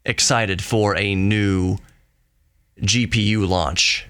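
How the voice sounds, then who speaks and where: Podcast host, young man, fairly low voice, dry close mic, casual spec run-through with excited asides. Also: extremely slow, pauses often, clean tone, dry recording. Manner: earnest, reassuring sign-off.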